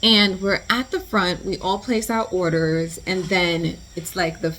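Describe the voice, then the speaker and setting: A woman vlogger telling a story in a lively, slangy way, full of "like" and asides to the viewer. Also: lowish voice, unhurried, a little hiss or hum. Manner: animated, slangy storytelling with lots of "like". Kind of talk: storytime vlog.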